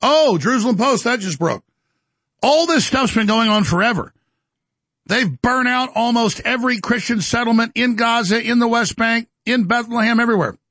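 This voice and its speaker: A man's voice: extremely high pitch, moderate pace, bright, forceful tone, no echo. A man hosting a talk show, delivering a heated, boastful political rant and breaking into mocking voices. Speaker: commentary show host.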